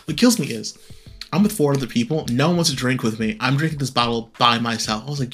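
A young man talking fast and loose on a casual podcast, rattling through stories. His pitch sits in an ordinary middle range, with light music faint behind him. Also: a bit bright, breathy edge. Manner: fast storytelling, acts out quoted voices. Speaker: podcast co-host. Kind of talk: casual chat.

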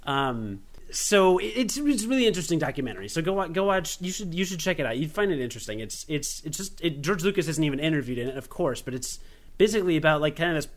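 A man's voice: on the high side, big pitch swings, quick pace. A young American man co-hosting a casual podcast, rambling with self-deprecating asides and many restarts. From United States. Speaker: podcast co-host. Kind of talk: casual chat.

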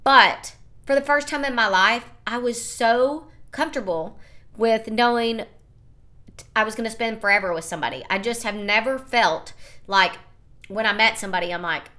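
Bright-voiced woman, candid and emotional. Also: fairly high pitch, normal speed. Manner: candid and emotional, rambling with many fillers. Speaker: podcast host and small business owner. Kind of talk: casual confessional monologue.

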